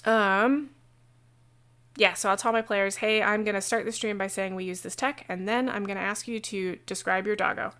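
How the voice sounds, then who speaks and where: A woman game master talking casually on a livestream about running a tabletop session, chatty and digressive, with quick asides. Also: medium pitch, fairly even intonation, fairly bright tone, smooth. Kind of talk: casual how-to talk on a livestream.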